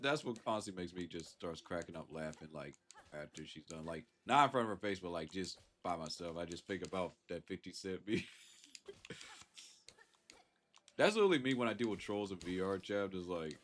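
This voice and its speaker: A low-voiced man with a Southern US accent chats casually on a live stream, thanking chatters and chuckling often. He sounds congested from a sinus infection, speaks at normal speed with lively intonation, and pauses frequently.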